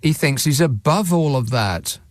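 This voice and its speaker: A male radio phone-in host talking in a sardonic, mocking, quick-witted way. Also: on the high side, animated, no echo. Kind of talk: casual radio chat. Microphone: studio microphone.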